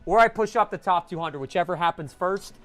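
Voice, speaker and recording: A man streaming live, chatting casually with viewers and swinging from mumbled asides to loud, laughing protests. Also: high-pitched, fairly quick, soft background music.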